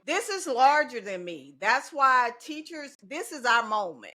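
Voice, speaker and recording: A woman's voice: sits high, very animated, measured pace, bright, forceful tone. A middle-aged woman, a teacher and union organizer talking casually and determinedly as a podcast guest. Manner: determined, speaks in slogans, laughs easily.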